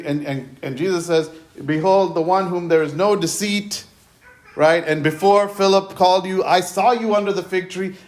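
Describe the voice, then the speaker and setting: Conversational man preaching a sermon. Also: sits high. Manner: conversational, retells scripture in his own words; repeats words and restarts often.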